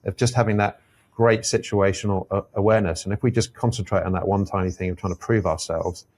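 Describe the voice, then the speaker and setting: A man, an airline captain, speaking as a podcast guest in a reflective conversation and explaining his ideas in a thoughtful, measured way. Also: low-pitched, steady tone, a little mellow.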